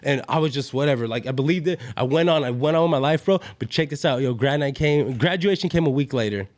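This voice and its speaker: A man's voice: fairly high pitch, fast talker. A young man, telling a long story as a podcast guest and filling it with "yo" and "bro". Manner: rambling slangy storytelling, constant "yo" and "bro" fillers. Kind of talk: casual storytelling.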